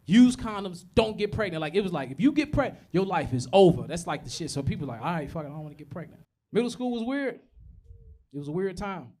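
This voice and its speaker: Profane stand-up comic man, slightly high voice. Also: animated, fast, darkish tone. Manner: profane storytelling, acts out voices, laughs at own jokes. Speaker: stand-up comedian. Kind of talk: stand-up comedy set. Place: comedy club stage.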